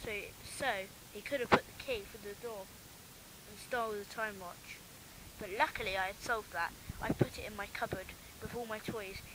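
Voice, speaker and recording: A woman reading her own homemade story in plain, earnest first-person narration. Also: a little high. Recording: noisy home recording.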